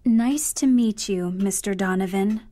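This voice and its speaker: A woman voicing a lonely young woman in mourning, speaking softly and wistfully in a storybook reading. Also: mid-range voice, unhurried, no room sound, voice pushed up, lightly acted. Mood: sorrowful.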